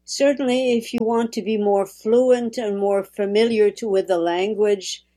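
A woman's voice: medium pitch, steady tone, a little slow, dark tone. A woman from Quebec with a French-Canadian accent, talking casually and reflectively about language and often repeating words as she starts a sentence. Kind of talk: casual conversation.

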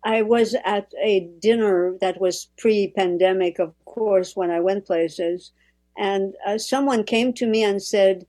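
A woman's voice: medium pitch, a little slow, warm tone. French-Quebec woman, reflective talk. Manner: reflective, repeats words as she starts sentences. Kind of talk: casual conversation.

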